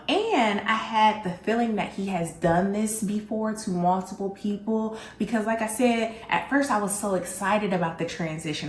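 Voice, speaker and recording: A woman hosting a candid storytelling vlog, telling her story in an animated, blunt way and speaking straight to her audience. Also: lowish voice, reverberant. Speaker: vlog host.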